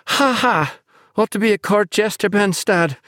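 A man's voice: mid-range voice, expressive, moderate pace, breathy edge, dry recording, studio quality, voice pushed up. Man voicing a feisty young girl. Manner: sharp, teasing retorts. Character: spirited young girl, quick-tongued and stubborn.

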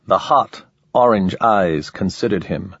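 A man reading a science-fiction novel aloud as narrator, in a measured, unhurried way. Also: sits low, a bit bright, slightly rough, no room sound. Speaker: audiobook narrator. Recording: slightly dull, dry audio.

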